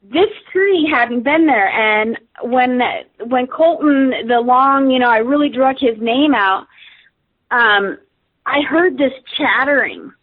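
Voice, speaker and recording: A woman's voice: high-pitched, takes it slowly. A woman, a radio guest, telling a story casually with many fillers and restarts. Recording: tinny phone line.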